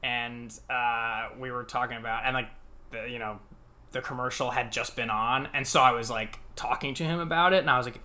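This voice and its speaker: A man in his thirties from the United States, co-hosting a podcast and telling childhood stories in a lively, laughing way, acting out the voices in them. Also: medium pitch, fairly quick. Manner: animated, laughing, acts out quotes. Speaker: podcast co-host. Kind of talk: casual storytelling chat.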